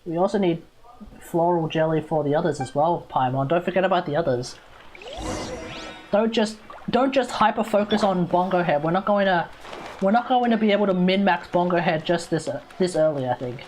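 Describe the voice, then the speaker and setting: A woman's voice: fairly low pitch, moderate pace, darkish tone, slight background noise. A woman from Australia streaming a video game, chatting casually over the game dialogue. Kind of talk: casual live-stream commentary. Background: faint game music.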